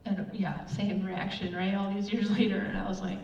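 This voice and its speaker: A church speaker, she is a middle-aged woman whose mid-range voice has a creaky quality and a moderate pace. Her casual sermon is built on animated, chatty personal stories full of fillers. Expect a distant, dull, roomy recording with faint room noise.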